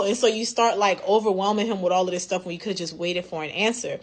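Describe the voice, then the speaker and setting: A woman chatting casually to camera about a book, talking the topic through and slipping into quick acted-out voices when she quotes people. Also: lowish voice, fairly even intonation. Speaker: book club member reviewing a book.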